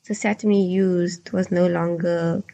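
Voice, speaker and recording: A young woman with a gravelly, creaky voice explains things step by step in casual chat. She is recorded close and dry. She is from South Africa. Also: fairly low pitch, little pitch movement, takes it slowly, mellow, no room sound. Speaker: podcast co-host.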